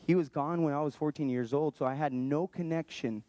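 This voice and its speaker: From around Austin, Texas, a thirtysomething man recounts something personal in an earnest, stop-start way, repeatedly restarting his thoughts. His warm, mellow voice leans high, and the close, dry recording carries no room ambience.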